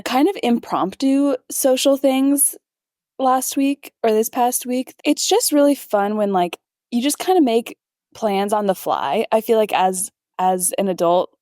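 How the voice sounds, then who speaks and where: A woman's voice: medium pitch, darkish tone, no room sound, clean studio sound. A young woman co-hosting a podcast in casual chat, upbeat and enthusiastic, using fillers as she talks. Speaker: podcast co-host.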